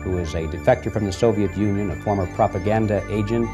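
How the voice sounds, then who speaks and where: A man hosts a 1980s broadcast interview, his voice sitting fairly low. He speaks in a formal, announcer-like way while music plays clearly beneath him. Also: steady tone, fast. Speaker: interviewer, host. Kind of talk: broadcast host link.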